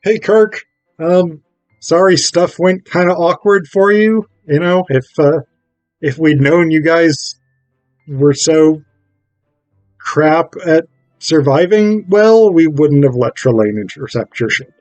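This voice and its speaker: A man's voice: fairly high pitch, takes it slowly, darkish tone, no room sound, soft background music. A man casually voicing a scolding disembodied alien parent in a casual, parental tone.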